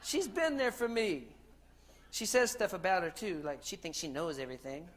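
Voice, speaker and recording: A man's voice: sits high, moderate pace, slight background noise. Joking man giving a keynote talk. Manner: lively, joking storyteller who asks the crowd questions. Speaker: keynote speaker. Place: conference hall stage.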